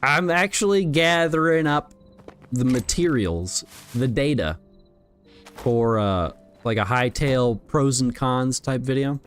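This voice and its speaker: A man chatting casually on a game livestream, rambling and relaxed as he talks to his viewers while playing. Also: medium pitch, takes it slowly, soft background music. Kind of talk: casual gaming livestream chat.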